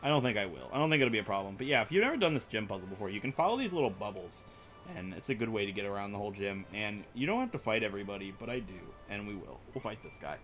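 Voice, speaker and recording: Lively, bright-voiced young man gaming. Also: lowish voice, rapid-fire, faint music behind. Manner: rambling, self-mocking, chatty. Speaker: gaming YouTuber. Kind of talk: let's play commentary.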